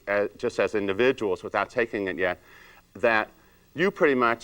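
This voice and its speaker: A man's voice: fairly low pitch, smooth. A man leading a salon industry training seminar, acting out client chats and asking the room rhetorical questions. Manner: animated, acts out client chats in raised voice.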